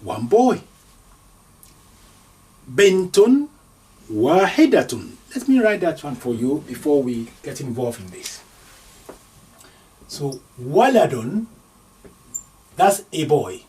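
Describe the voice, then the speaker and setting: A man teaching an Arabic grammar lesson, slowly sounding out words syllable by syllable as he writes them. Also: mid-range voice, very animated, dark tone, recorded from a distance. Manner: slow, deliberate, sounding out syllables.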